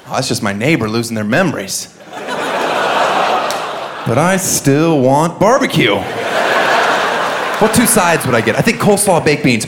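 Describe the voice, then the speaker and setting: A man performing stand-up comedy in an animated, joking way. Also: on the high side, normal speed, long pauses. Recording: loud crowd and noise from a live club. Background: loud crowd.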